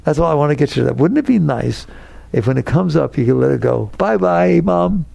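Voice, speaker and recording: Older man, gravelly voice, lively questioning. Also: medium pitch, fast, no room sound. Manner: conversational, asks rhetorical questions. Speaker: spiritual teacher. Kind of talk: spiritual talk to an audience.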